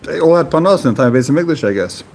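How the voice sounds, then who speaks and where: A man's voice: a little high, racing, vocal fry, a little hiss or hum. A man teaching a Talmud class, reading phrases aloud and then explaining them in plain, casual words. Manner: reads Aramaic phrases then translates casually, animated. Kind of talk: explaining Talmud text to a study partner.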